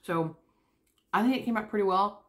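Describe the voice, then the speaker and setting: A woman's voice: medium pitch, normal speed, a bit bright. A young woman chatting casually to camera while eating lunch. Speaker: vlogger. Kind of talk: casual chat.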